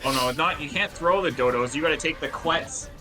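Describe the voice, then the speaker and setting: A man's voice: fairly high pitch, fairly quick. A man joining a game stream, throwing in casual teasing jokes. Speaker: co-player. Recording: music playing behind the voice.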